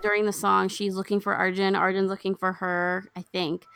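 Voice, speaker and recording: A woman's voice: mid-range voice, moderate pace, creaky, soft background music. A woman chatting casually as a podcast co-host, animatedly retelling a film and acting out the lines. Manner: animated storyteller acting out quotes. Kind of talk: casual movie recap chat.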